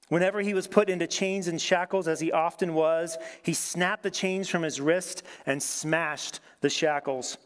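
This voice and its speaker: A male pastor preaching a sermon and reading scripture aloud, talking in a conversational, animated way and putting questions to the congregation. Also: a little high.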